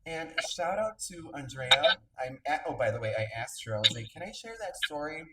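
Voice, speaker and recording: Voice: mid-range voice, normal speed. A podcast host in casual interview chat, telling stories animatedly and acting out quotes. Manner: animated storytelling, acts out quotes. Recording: roomy, distant mic, noisy background.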